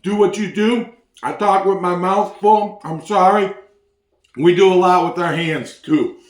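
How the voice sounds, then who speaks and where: A man with a fairly high voice hosts a casual cooking video. He jokes loosely, talks with his mouth full and hypes his viewers. The sound carries the echo of a hard-walled home kitchen. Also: measured pace.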